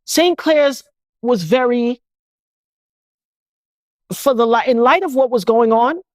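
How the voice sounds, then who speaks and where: A woman's voice: on the high side, slow pace, no room sound, clean studio sound. A woman, telling her personal story as an interview guest, speaking emphatically with many restarts.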